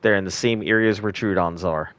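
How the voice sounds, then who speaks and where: Low-voiced male streamer, casual, mutters under his breath as he plays. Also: fairly quick, no echo. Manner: mutters quietly to himself while playing. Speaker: game streamer. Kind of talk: casual gameplay chat.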